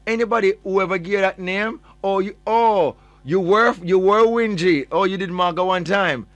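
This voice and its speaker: A man's voice: high-pitched, normal speed, a bit bright, no room sound, faint music behind. A man with a Jamaican accent hosting a morning radio show, teasing listeners playfully and mixing patois into his English. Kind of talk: morning radio chat, reading out listener messages.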